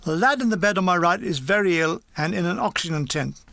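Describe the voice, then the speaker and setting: A man's voice: high-pitched, lively intonation, brisk, gravelly, pushed and bright, no echo. A man reading a comic wartime memoir aloud, with dry timing and voices for the dialogue. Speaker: audiobook reader.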